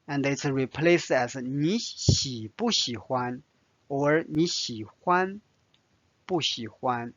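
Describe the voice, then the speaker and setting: A man with a Chinese accent teaching Mandarin vocabulary and grammar, explaining slowly with small restarts. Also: medium pitch, expressive, a bit bright, no room sound, highs cut off. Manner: slow, careful, with restarts and fillers. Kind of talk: language lesson narration.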